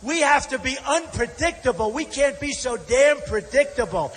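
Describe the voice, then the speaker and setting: A man's voice: very high-pitched, animated, moderate pace, a bit bright. A man giving a campaign rally speech, combative and repetitive, talking straight to the crowd. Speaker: political candidate. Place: large rally venues.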